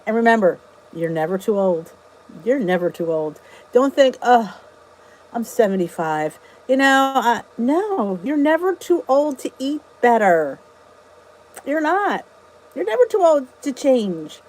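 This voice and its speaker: A chatty middle-aged woman from New Jersey talks casually in a live stream. Her voice sits a bit high, and she drives her points home by repeating them. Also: sing-song, a little slow, darkish tone, low-quality recording. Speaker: vlog host answering live chat.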